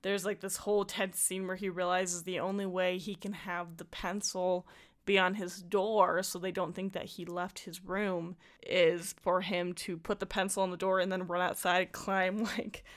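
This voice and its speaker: This woman's voice is on the low side and moves at a moderate pace as she co-hosts a relaxed podcast. She recaps a movie animatedly, laughing a lot and performing lines from it.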